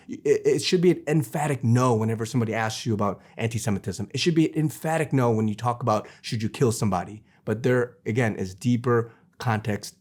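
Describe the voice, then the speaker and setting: A man's voice: fairly low pitch, darkish tone. A man giving an earnest Christian video sermon, repeating phrases and restarting sentences as he presses his point. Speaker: Christian preacher. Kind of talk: preachy video monologue.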